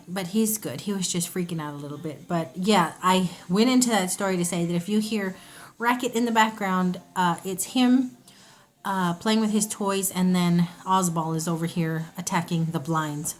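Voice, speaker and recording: A woman's voice: fairly low pitch, moderate pace. A woman, a mother, chatting casually to camera in a rambling haul video, often stopping to correct herself. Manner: chatty, rambling, self-interrupting. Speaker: vlogger.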